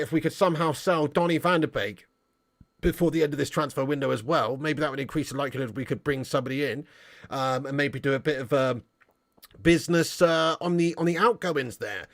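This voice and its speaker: A man hosting a football livestream, chatting casually, joking and laughing with British slang as he reads viewer messages. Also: fairly high pitch. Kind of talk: casual livestream chat reading super chats.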